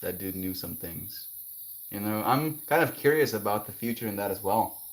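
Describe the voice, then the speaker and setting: A man livestreaming, chatting gently and affectionately with viewers about kindness and spirituality. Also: lively intonation, moderate pace. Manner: gentle, spiritual, affectionate, breaks into high laughing bits. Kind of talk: casual chat reading viewer comments.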